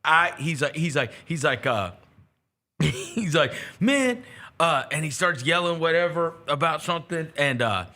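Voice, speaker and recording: A man hosting a sports talk show, telling a story with lively, animated delivery and acting out the people in it. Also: a little high, measured pace. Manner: animated, acts out voices in his stories. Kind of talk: casual storytelling chat.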